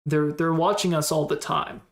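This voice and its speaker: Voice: medium pitch, flat delivery, moderate pace, vocal fry. A streamer in casual live-stream commentary, thinking aloud in a rambling, unsure way and replying to chat in passing.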